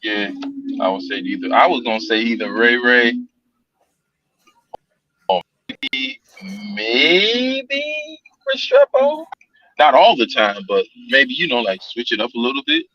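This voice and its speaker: A man's voice: medium pitch, expressive, normal speed, pauses often, pushed and bright, no room sound, soft background music. A man calling in to a casual sports chat from his phone while on the move, easygoing and hedging his picks with lots of yeahs. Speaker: call-in co-host. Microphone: phone call on the move. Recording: dull dry lo-fi phone line.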